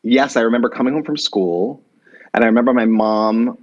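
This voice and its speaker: A man telling a long personal story as a podcast guest, lively and quick to jump into other people's voices. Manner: animated, jumps pitch when quoting people. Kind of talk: conversational storytelling. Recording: muffled low-fidelity remote audio.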